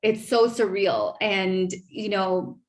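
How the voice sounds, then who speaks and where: A woman in her thirties, a podcast host, telling a personal story in a gushing, animated way with many fillers. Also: mid-range voice, slow pace. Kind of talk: emotional casual storytelling.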